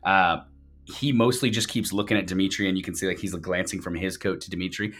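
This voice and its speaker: A man's voice: sits low, steady tone, fairly quick, a bit bright, faint music behind. A man narrating and explaining as the game master of a tabletop role-playing game. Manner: explanatory, with fillers and restarts.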